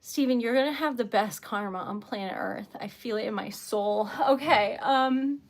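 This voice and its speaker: A woman's voice: on the high side, normal speed. A young woman from Rhode Island hosting a casual livestream, flustered and giggly, stammering a little as she chats. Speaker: livestream host.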